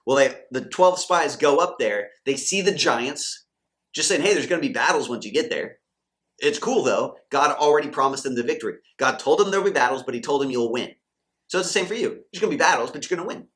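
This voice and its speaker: A man's voice: fairly high pitch, animated, fairly quick, fairly bright tone. Fired-up preachy man. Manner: acts out quoted doubters and believers. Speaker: Christian coach and channel host. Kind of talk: motivational faith talk to camera.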